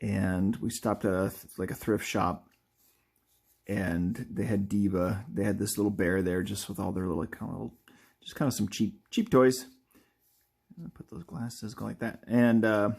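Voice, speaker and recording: A man's voice: lowish voice, creaky, darkish tone, slightly rough. A man hosting a live drawing video, chatting casually in a rambling, playful way that keeps correcting itself. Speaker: artist and video host.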